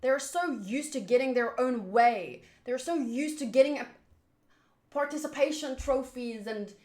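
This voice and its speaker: A woman's voice: high voice, unhurried, darkish tone. A woman hosting a manga readthrough, chatting and musing aloud as she reads. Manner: chatty, laughs and muses aloud. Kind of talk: casual reading and chat. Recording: roomy echo.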